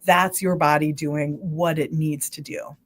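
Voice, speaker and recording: A woman scientist, a guest on a livestream, explaining sleep and dreams with lively examples. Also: deep voice. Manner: animated, explains with quick examples. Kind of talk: livestream interview.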